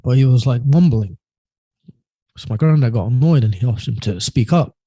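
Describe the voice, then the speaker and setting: Guy telling a story on a podcast, halting, trails off, dry close sound. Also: mid-range voice, animated, husky, dry recording. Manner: halting and hesitant, often trailing off quietly. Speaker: podcast guest. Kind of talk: personal storytelling in a podcast interview.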